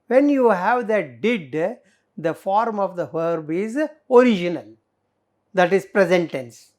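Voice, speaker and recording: A woman's voice: on the low side, animated, slow pace, a little mellow. A middle-aged woman teacher, explaining grammar in a classroom lesson, full of fillers and rhetorical questions. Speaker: English teacher.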